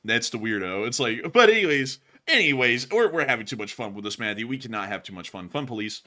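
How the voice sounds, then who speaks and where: An excitable male host chatting on a livestream, quick to laugh. His voice is bright and forceful, and his pitch swings widely as he talks. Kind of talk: casual livestream chat.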